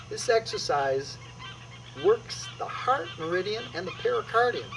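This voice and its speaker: A middle-aged man teaching qi gong exercises on video, energetic and emphatic, calling out strikes with a loud "boom". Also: background noise. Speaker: qi gong instructor.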